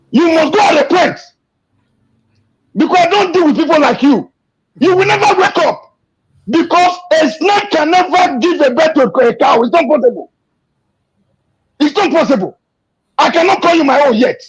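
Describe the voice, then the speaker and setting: A man giving an emotional, impassioned political rant, repeating himself and shouting in anger. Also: extremely high pitch, sing-song, moderate pace, long pauses. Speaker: activist speaking to an interviewer. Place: abroad. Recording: dull lo-fi recording.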